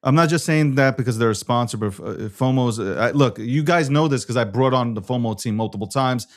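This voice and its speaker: A man hosting a casual live stream, blunt and quick to swear. He circles back on his points, repeating himself for emphasis. His voice sits at an ordinary middle pitch. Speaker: show host.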